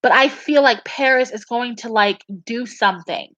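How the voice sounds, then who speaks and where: A woman's voice: on the high side, normal speed, a bit bright, no echo, lo-fi sound. A woman talking earnestly and emphatically, repeating herself and restarting her sentences as she shares her beliefs and dreams. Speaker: fan sharing beliefs and dreams. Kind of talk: casual earnest talk.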